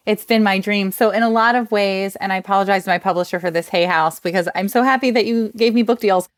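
A woman with a New Jersey accent, a guest author talking in a casual interview, enthusiastic and quick to laugh. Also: mid-range voice, no room sound. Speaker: guest, children's book author.

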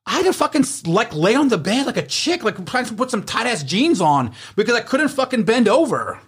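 A man casually telling animated stories among friends, swearing freely and acting out what people said. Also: very high-pitched, brisk, husky. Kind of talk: casual storytelling chat.

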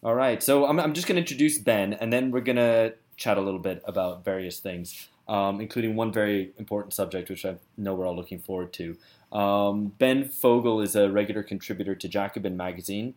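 Podcast host, man, low-ish voice, easygoing and joking. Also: fairly even intonation, fairly quick, a little mellow. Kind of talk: casual podcast chat.

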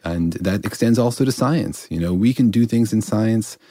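Male physicist co-host, very low mellow voice, playful enthusiastic explainer. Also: moderate pace, dry recording, clean studio sound. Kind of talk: casual podcast chat.

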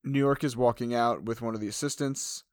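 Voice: medium pitch, fairly even intonation, a little fast, darkish tone, no room sound. An American co-host talks through a show recap in an offhand, casual way, with a mid-range voice. The sound is dry and close, with almost no room in it. Swearing slips in freely. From United States. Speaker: podcast co-host.

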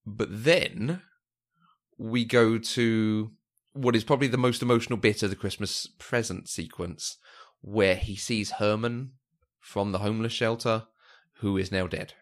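Thoughtful man with a lowish voice. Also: measured pace. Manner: thoughtful, repeats words as he searches for them. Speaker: film review podcast co-host. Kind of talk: casual critical discussion.

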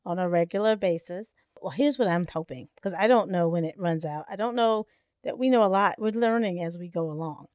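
A woman in a casual chat, expressive and quick to laugh, acting out her own thoughts as she talks. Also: on the low side, dry recording, clean studio sound.

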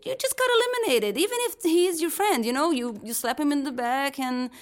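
A woman on a football podcast panel, telling stories with animated emphasis. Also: sits high, brisk. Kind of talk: casual panel chat.

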